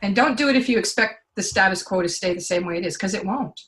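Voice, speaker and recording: A woman giving a client testimonial in casual conversation, chatty and animated as she tells her stories. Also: medium pitch, quick pace.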